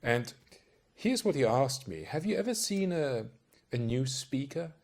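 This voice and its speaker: A man's voice: medium pitch, big pitch swings, unhurried. A man giving a casual tutorial on voice-over work, talking straight to the viewer in a chatty, rambling way and often checking in with questions. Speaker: voice-over coach. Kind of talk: casual talk-to-camera tutorial.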